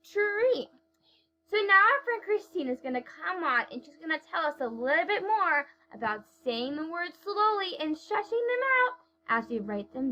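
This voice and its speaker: A woman teaching young children to write, speaking slowly and clearly and stretching out words as she sounds them out. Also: very high voice, bright, forceful tone, muffled recording.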